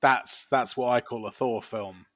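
Man, podcast co-host, playful jokey delivery, mid pitch. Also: steady tone, fairly bright tone, no echo, studio quality. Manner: playful, quick with silly bits. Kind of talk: casual chat.

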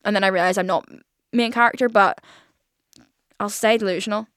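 A woman's voice: medium pitch, fairly even intonation, a little fast, a bit bright, dry recording. A young woman, hosting a casual podcast monologue, chatty, swearing and saying "like" constantly. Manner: chatty, swears, heavy filler "like". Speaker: podcast host.

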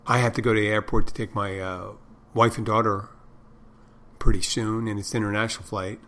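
A man's voice: on the low side, little pitch movement, a little fast, fairly bright tone. A middle-aged man hosting a podcast, rambling through stories and crude jokes in a casual monologue. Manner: meandering storyteller, tells crude jokes. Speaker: podcast host.

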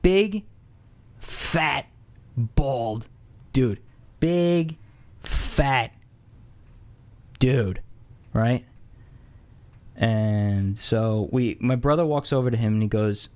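A man casually telling a comedic anecdote, conversational with many fillers and asides, getting louder and higher as the story heats up. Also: very slow, pauses often. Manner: animated, rising excitedly when impersonating locals.

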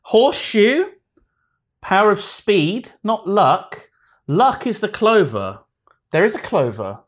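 A man co-hosting a podcast, chatting in a lively, jokey and playful way. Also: high voice, slow pace. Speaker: podcast co-host. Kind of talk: casual chat.

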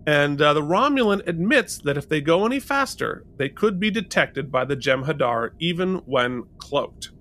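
A man's voice: a little high, normal speed, hardly any pauses, slight background noise. A man co-hosting a podcast, casually recapping and reviewing a television episode, quoting lines as he goes. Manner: animated, recapping scenes with quoted lines. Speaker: podcast co-host. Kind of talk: casual chat.

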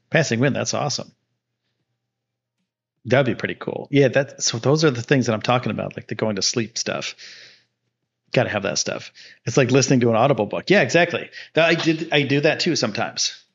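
A man's voice: medium pitch, breathy edge. A man hosting a livestream in casual chat, easygoing and rambling as he talks to viewers. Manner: rambling and easygoing, with frequent fillers and restarts. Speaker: livestream host. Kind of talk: casual live-stream chat, reading chat and an ad. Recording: dull lo-fi stream audio.

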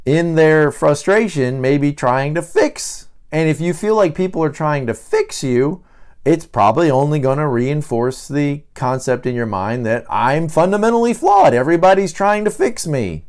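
A man's voice: a little high, expressive, moderate pace, darkish tone, clear, resonant tone. A man hosting a podcast, explaining a personality type in a loose, conversational way, with many fillers and restarts. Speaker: podcast host. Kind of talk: casual teaching talk.

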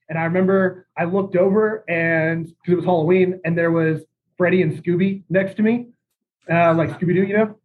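A young man telling a rambling party story in a laid-back, chuckling way. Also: high voice. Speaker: podcast guest. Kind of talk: casual storytelling. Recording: tinny phone-like audio.

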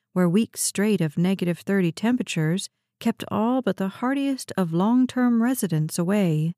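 Woman reading a thriller audiobook, warm mellow tone, dry close mic. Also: mid-range voice, dry recording. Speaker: audiobook narrator. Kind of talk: scripted narration.

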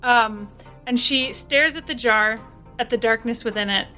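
A woman's voice: on the high side, a little slow, sharp tone, faint music behind. A woman describing her character as a player in a tabletop game, with hesitant fillers.

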